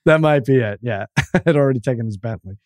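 A man's voice: mid-range voice, quick pace, darkish tone, dry recording. A middle-aged man, a regular on the podcast, telling prank stories with lots of laughter in casual chat. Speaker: podcast regular, comedy writer.

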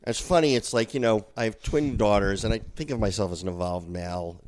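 A man's voice: lowish voice, brisk. A middle-aged man co-hosting a podcast, chatting casually. He tells stories with lots of energy and slips into the voices of the people he quotes. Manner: animated storyteller, acts out quotes. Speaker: podcast co-host. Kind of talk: casual chat.

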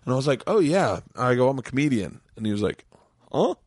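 A man's voice: medium pitch, rapid-fire, no room sound, clean studio sound. Profane storytelling podcast host, man. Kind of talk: casual chat.

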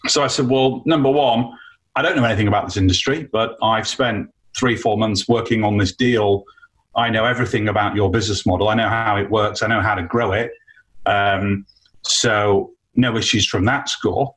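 A man, an entrepreneur guest, telling an animated story about his career in a casual, chatty way with frequent fillers. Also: mid-range voice, normal speed, low-quality recording. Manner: animated anecdote with many fillers.

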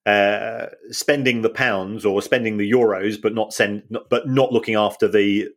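Low-voiced man, halting analytical chat. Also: fairly even intonation. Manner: measured, many fillers and restarts. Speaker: podcast co-host. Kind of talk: casual football finance chat.

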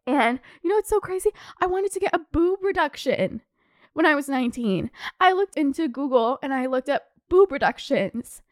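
A young woman with a high, bright-pitched voice rants on her podcast, full of fillers and swearing. She talks in a loose, emotional way. The sound is close and dry. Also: animated, normal speed, no room sound. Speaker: podcast host. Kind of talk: casual rant.

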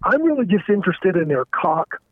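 A man calling in, talking frankly and haltingly with stumbling restarts. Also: high voice, sing-song, dry recording. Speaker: caller. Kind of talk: candid confessional phone talk. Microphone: telephone. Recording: tinny phone line.

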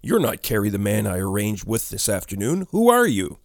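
A man's voice: lowish voice, big pitch swings, brisk, gravelly, a little mellow, no room sound, clean studio sound. A man voicing a frightened young woman researcher who asks in a raised, breathless, pleading voice.

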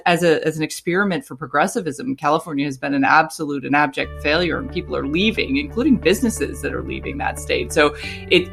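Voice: medium pitch, creaky, fairly bright tone. A panelist on a political podcast, arguing earnestly and often repeating words while searching for the phrase. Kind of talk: political commentary.

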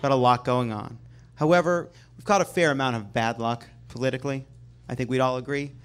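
A man's voice: mid-range voice, brisk, clear, resonant tone. Man, comedy show host, mid-range voice, argumentative, comic commentary.

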